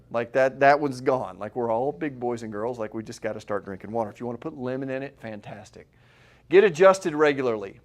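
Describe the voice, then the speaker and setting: A man's voice: medium pitch, brisk. Man, middle-aged, chiropractor talking to a room, conversational, rhetorical questions, mid-range voice. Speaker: chiropractor giving a health seminar. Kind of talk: live seminar talk to an audience. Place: room with a live audience.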